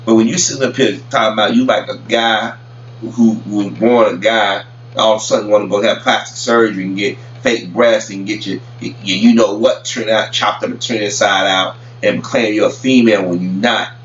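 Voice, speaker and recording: A man's voice: on the low side, fairly even intonation, normal speed, fairly bright tone. Man ranting in a roomy, distant recording. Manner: rambling, stammers and repeats words. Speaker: vlogger commenting on celebrity news. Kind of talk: casual opinion rant. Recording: roomy, distant, dull lo-fi with faint hum.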